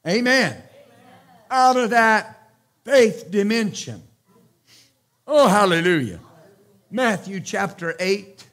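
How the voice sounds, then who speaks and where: High-voiced man preaching emphatically. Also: sing-song, slow, long pauses. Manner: emphatic, repetitive preaching with loud exclamations. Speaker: pastor. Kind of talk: sermon.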